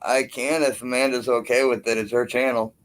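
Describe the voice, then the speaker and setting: A man in casual chat, talking in an unhurried way. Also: mid-range voice, level tone.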